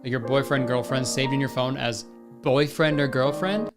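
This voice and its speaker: A man's voice: medium pitch, steady tone, moderate pace. A man giving crude, sarcastic commentary while playing a story game. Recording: music playing underneath.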